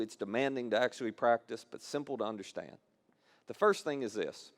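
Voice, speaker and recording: Male pastor, mid-pitched voice, conversational sermon delivery, repeats key phrases for emphasis. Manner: conversational preaching with repeated phrases and acted-out quotes.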